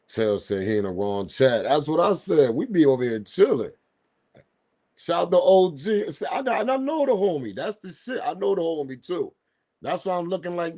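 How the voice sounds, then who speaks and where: A man hosting a casual livestream, reading the chat and talking in relaxed slangy street speech, his voice leaping high when he quotes himself. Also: normal speed. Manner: animated, laughing, slangy street talk, pitch jumps high when quoting himself.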